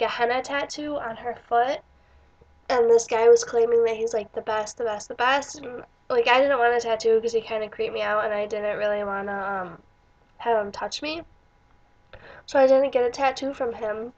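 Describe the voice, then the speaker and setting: A woman's voice: a little high, rough recording. A young woman vlogger telling stories casually, rambling with many fillers and restarts. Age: young adult. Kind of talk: casual storytelling vlog.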